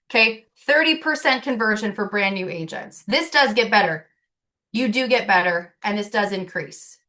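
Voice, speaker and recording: A woman with a bright, ringing voice sitting a little high, coaching a team of new agents on a video call. She talks in quick, punchy bursts, fires off rhetorical questions and keeps checking in with the group. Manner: upbeat, rapid rhetorical questions, often adds "right?" and "okay?". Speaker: sales trainer.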